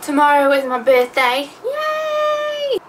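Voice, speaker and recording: Chatty young English woman, gravelly voice. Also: on the high side, moderate pace, fairly bright tone. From England. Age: 20s. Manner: chatty, sarcastic, self-deprecating. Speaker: YouTuber. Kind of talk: casual vlog Q&A. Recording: distant mic with background noise.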